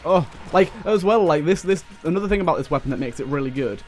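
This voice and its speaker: A young man giving excitable running commentary while playing a video game, talking back to enemies on screen. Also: fairly high pitch, quick pace. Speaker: let's play host. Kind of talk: gameplay commentary. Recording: faint game music behind.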